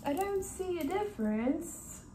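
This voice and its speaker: A woman's voice: very high voice, expressive, measured pace, noisy background. A woman vlogging casually at home, talking to her viewers in a frank, exclamatory, chatty way. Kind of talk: casual vlog talking to camera.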